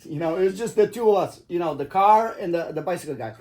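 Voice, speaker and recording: With a high-sitting, slightly mellow voice, lively intonation, and a quick pace, a middle-aged dad casually tells his kids stories. He rambles on, swears, and laughs at what he's recounting.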